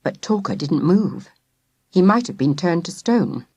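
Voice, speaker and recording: A woman's voice: on the low side, expressive, measured pace, darkish tone, breathy edge, dry recording. Woman reading a kids book aloud, voice swings up and down a lot, dry close sound. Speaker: audiobook narrator. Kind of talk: storybook narration.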